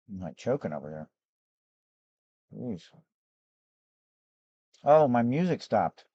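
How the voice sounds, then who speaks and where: Hoarse, rambling man hosting a gem show. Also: mid-range voice, huge pitch swings, very slow, long pauses, mellow, no echo, muffled recording. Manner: rambling, chatty, with restarts. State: hoarse, losing his voice. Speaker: gem and fossil seller hosting a live show. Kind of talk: casual live-stream sales chat.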